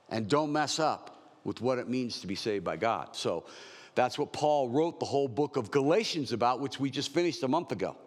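A man's voice: medium pitch, animated, moderate pace, in a large hall. A man in his sixties preaching a verse-by-verse sermon in a conversational, joking way. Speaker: pastor.

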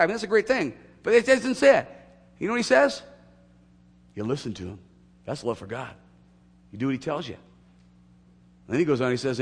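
A man preaching in a church sanctuary with a slightly husky voice. His pitch leaps and falls as he moves from loud emphatic peaks to hushed asides. A long reverb trails behind his words. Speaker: pastor. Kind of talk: sermon.

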